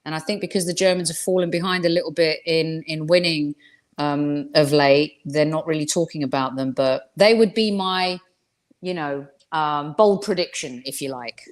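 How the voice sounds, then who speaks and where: Joining a video call as a guest pundit, a woman shares football predictions in a relaxed chat, pausing thoughtfully and hesitating with fillers. She has a deep voice with a steady tone and speaks at a normal speed.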